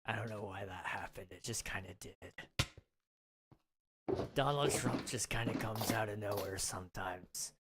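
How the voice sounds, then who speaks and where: A hoarse man losing his voice, rambling and self-mocking while chatting casually on a livestream. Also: lowish voice, a little slow, noisy background. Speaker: game streamer. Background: music.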